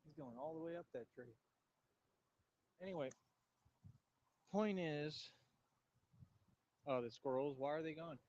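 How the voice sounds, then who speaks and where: A man rambling boastfully to his camera in an outdoor vlog, bragging about himself and cooing at squirrels in a high voice. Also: measured pace, pauses often, a little mellow, lo-fi sound. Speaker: vlogger. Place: outdoors near trees.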